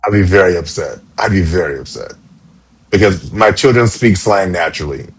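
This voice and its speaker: A man's voice: low voice, lively intonation, moderate pace, breathy edge. A man from Charleston, co-hosting a podcast in casual chat and explaining his views earnestly. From Charleston, South Carolina. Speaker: podcast co-host.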